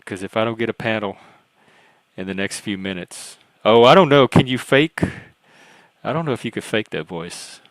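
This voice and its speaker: A man's voice: fairly low pitch, normal speed, no room sound. A man with a Southern US accent, a Louisiana, Cajun and Texas blend, hosting a livestream in rambling, self-deprecating casual chat. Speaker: livestream host.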